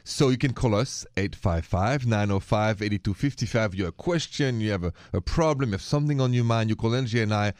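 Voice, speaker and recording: A man's voice: on the low side, moderate pace, few pauses, darkish tone, dry recording, studio quality. A man with a French accent, hosting a call-in radio show in a playful way and dropping French greetings. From France. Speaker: radio host.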